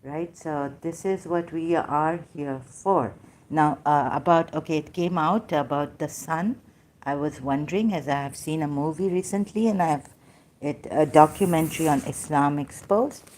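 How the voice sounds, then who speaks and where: A woman in an unscripted debate, talking hesitantly with many fillers and restarts, and admitting she gets hyper and struggles to keep her voice gentle. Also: sits low, normal speed. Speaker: debater in an online religious discussion.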